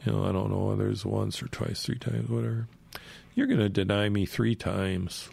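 A man voicing a calm, knowing male teacher who asks gentle questions. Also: on the low side, moderate pace, vocal fry, breathy edge, dry recording, full character voice. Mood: foretelling.

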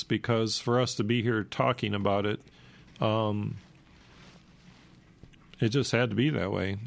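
Gravelly, breathless man talking. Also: lowish voice. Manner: halting, many fillers and restarts. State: short of breath, coughing. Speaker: radio host. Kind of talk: casual spoken commentary reading from a book.

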